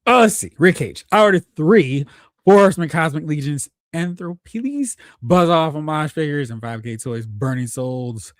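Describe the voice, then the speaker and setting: A man's voice: fairly high pitch, lively intonation, moderate pace, no echo, clean studio sound. A man hosting a live stream, chatting casually, thinking aloud and reading out viewer comments. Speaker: host.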